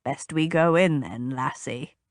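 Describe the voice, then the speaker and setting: Audiobook: woman doing gruff old country father, deep rumble, dry close read. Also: unhurried, no echo. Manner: rumbling, blunt. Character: older gruff rural male patriarch. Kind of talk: audiobook character voice.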